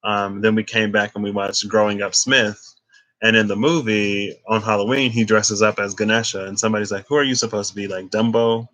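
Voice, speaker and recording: Bright-voiced man rambling casually. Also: fairly low pitch, level tone, brisk. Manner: chatty storyteller who acts out quoted dialogue; heavy use of filler "like". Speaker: tarot reader.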